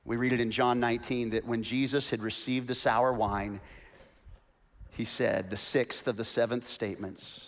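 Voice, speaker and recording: A male pastor preaching a sermon, moving from hushed, quiet storytelling to loud, rising proclamation and calling on the congregation to repeat after him. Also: mid-range voice, fairly even intonation, normal speed. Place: church.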